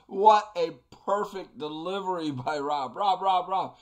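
A man's voice: fairly high pitch, expressive, unhurried. A man playing a video game and commenting as he goes, laughing often and stammering through fillers. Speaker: let's play host. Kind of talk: gameplay commentary.

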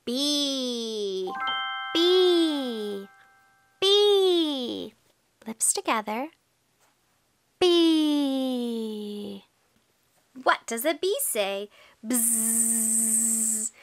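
A woman teaching toddlers in a slow, exaggerated sing-song voice, full of gasps, repeated words and encouragement. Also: high voice, very animated, clean tone, faint music behind. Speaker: children's teacher and host.

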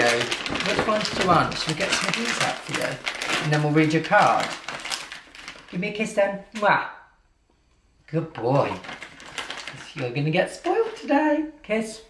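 British guy baby-talking his dog at home, voice bouncing up and down, unhurried, camera on a chair. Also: high-pitched. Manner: sing-song baby talk to his dog. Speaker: vlogger and dog owner. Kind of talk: casual home vlog. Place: living room at home. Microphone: camera set on a chair. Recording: echoey room with background noise.

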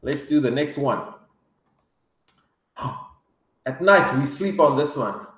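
A man teaching English words to young children, drilling each word slowly with excited gasps. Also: medium pitch, roomy sound. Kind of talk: vocabulary lesson for kids.

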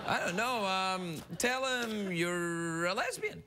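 A man's voice: high-pitched, lively intonation, takes it slowly, some chatter behind. A male talk show host doing a playful late-night comedy bit, laughing through his lines with goofy asides. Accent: Scottish. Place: TV studio with live audience. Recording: loud studio audience noise.

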